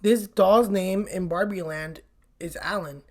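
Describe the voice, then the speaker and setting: A woman's voice: lowish voice, a little slow, a little mellow. Blunt, chatty woman recapping a movie. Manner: chatty and blunt, swears often, says "like" a lot. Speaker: vlogger.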